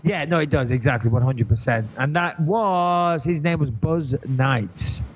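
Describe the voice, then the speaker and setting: A man co-hosting a podcast, telling an animated, indignant story in casual chat. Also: on the high side, unhurried. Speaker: podcast co-host. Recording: dull lo-fi podcast audio.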